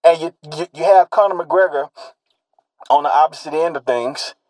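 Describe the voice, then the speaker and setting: A man's voice: on the high side, normal speed, darkish tone, no room sound, poor audio. A man delivering a solo commentary monologue, emphatic and repetitive, drawing out stressed words and firing rhetorical questions.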